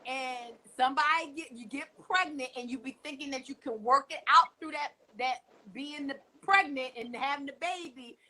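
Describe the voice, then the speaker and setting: A bright, crisp young woman chats through a TV recap with plenty of emphasis. She pitches a touch high and keeps things lively, slipping into quick impressions as she goes. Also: poor audio. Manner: animated, emphatic, often acts out quotes. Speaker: co-host. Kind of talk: casual recap chat.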